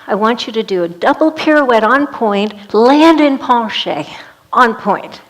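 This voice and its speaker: A woman's voice: on the high side, animated, measured pace, long reverb tail, poor audio. A woman voicing a confident, commanding male ballet star in an assured manner.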